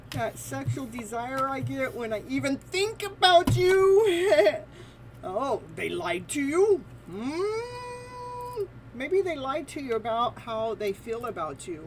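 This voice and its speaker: A woman's voice: high voice, background noise. A woman giving a live tarot reading in a playful, teasing way, laughing often between her messages. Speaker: tarot reader.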